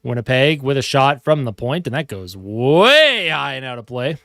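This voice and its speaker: A man's voice: mid-range voice, big pitch swings, normal speed, fairly bright tone, no room sound, clean studio sound. A man doing live hockey play-by-play from home in a casual, chatty way, with asides to viewers. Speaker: hockey stream host. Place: home room.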